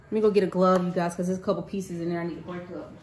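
A woman's voice: lowish voice, flat delivery, rapid-fire, a little mellow. A woman in her thirties chatting casually to her viewers while she cooks at home. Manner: chatty, talks straight to viewers. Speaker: cooking vlogger. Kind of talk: casual cooking chat to camera. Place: home kitchen. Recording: echoey kitchen with faint room noise.

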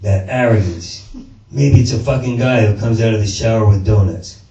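In a small performance space before an audience, a stand-up comedian rambles through a story, stammering, swearing and hopping from thought to thought. His voice is fairly low and mellow at a normal speed, with lo-fi sound. The recording is roomy, with a distant mic and faint noise.

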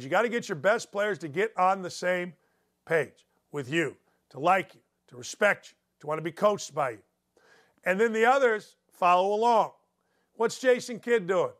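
A middle-aged male host with a fairly high voice delivers a blunt sports commentary monologue. He is opinionated and rambles into old stories. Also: moderate pace, a bit bright. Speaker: sports talk show host.

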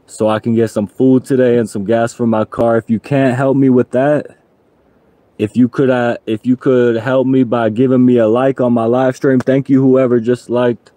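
A man's voice: medium pitch, mellow, no room sound. A man chatting casually on his livestream, pleading for donations and joking along the way. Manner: pleading and joking, slow drawl.

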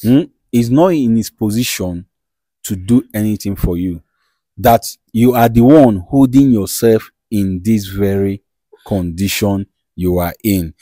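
A man who presents and interprets, switching between urgent appeals and calm reassurance in a comedy skit. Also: on the low side, measured pace, no room sound.

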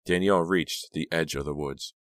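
A man narrating a horror audiobook in a steady, measured way. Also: very deep voice, no echo.

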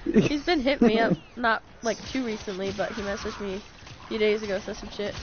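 A woman co-hosting a casual chat, telling animated stories with plenty of swearing and laughter. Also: medium pitch, fairly quick, muffled recording, slight background noise. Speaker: co-host.

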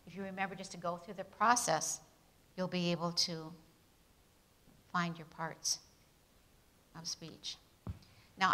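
Bright, emphatic woman teaching grammar. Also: lowish voice, poor audio. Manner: question-and-answer drilling, emphatic on key words. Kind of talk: classroom grammar lesson.

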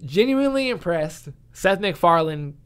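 A man's voice: high voice, normal speed, clear, resonant tone. A young man co-hosting a podcast, chatting casually and gushing with lots of swearing. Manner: excitable, profane, gushing. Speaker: podcast co-host. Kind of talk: casual chat.

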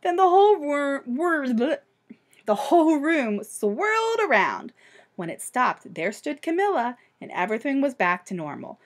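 A woman teacher reading a picture book aloud to children, expressive and animated. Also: sits high, measured pace.

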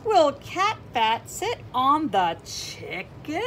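A woman reading a children's picture book aloud, animated and exclaiming, asking her young listeners questions. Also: sits high, slow pace, few pauses, heavy background noise. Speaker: children's storybook reader.

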